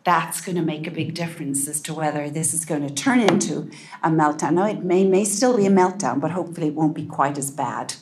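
A woman giving a calm, gentle talk to parents, often dropping to a soft hush. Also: low voice, a little fast, background noise. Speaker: parenting speaker. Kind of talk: talk to an audience.

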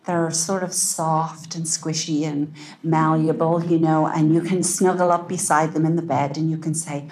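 A woman giving a calm, gentle talk to parents, often dropping to a soft hush. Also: deep voice, normal speed. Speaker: parenting speaker. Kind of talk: talk to an audience.

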